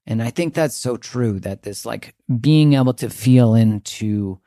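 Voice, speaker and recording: A man's voice: medium pitch, a little slow, mellow, no room sound, studio quality. A man hosting his podcast, reading a listener review and an ad in a playful, jokey way. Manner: playful, jokey, self-deprecating. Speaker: podcast host. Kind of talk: casual podcast intro and ad read.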